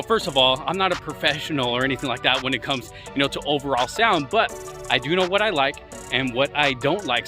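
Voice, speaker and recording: A man chatting casually about earbuds while walking outdoors, recorded on a phone he carries, talking loosely with lots of fillers. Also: fairly high pitch. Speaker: tech vlogger. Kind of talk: casual walk-and-talk review. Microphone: phone he carries with him.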